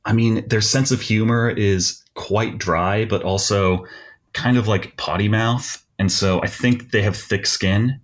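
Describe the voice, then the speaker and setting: A young man chatting as a podcast guest, relaxed and wry with self-deprecating humor. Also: on the low side, unhurried. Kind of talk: casual chat.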